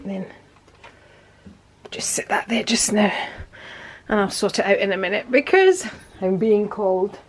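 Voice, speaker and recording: A woman's voice: mid-range voice, a little slow, pauses often, low-quality recording. A woman in casual vlog narration at home, chatting as she shows her purchases one by one. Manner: chatty, showing off purchases item by item. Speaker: vlogger.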